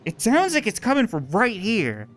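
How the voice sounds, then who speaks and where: Jokey gamer with a lively, bouncing voice. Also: mid-range voice, normal speed, faint music behind. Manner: chatty, jokey, talking to viewers while playing. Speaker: gaming video host. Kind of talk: casual let's-play commentary.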